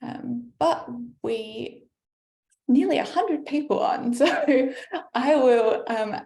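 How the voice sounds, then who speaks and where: Woman, meeting host, raised pitch, echoey room on a call, brisk and friendly. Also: vocal fry, mellow. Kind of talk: online meeting moderation. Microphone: video call.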